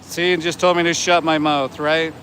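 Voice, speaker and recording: Livestreaming a street vlog from a city sidewalk, a man in his forties who is a vegan activist talks with indignation, repeating himself when someone pushes back. His fairly high, fairly bright voice has little pitch movement and a normal speed; faint traffic noise surrounds him.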